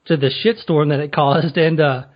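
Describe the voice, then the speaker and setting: Brief: casual male podcast host, slightly raised pitch, meandering questions, muffled lo-fi sound. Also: fairly even intonation, normal speed. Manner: rambling, loose questions padded with fillers. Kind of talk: casual interview.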